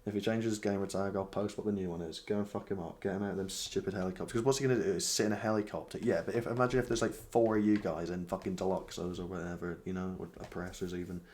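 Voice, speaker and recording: A man's voice: low voice, steady tone, fast talker, hardly any pauses, darkish tone. A man giving heated, profane gameplay commentary, mocking and ranting about another player. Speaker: gaming commentator.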